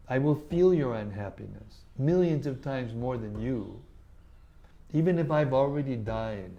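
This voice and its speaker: A man's voice: mid-range voice, warm tone, dull audio, close to an everyday voice. Man reading as a young divine lover pleading.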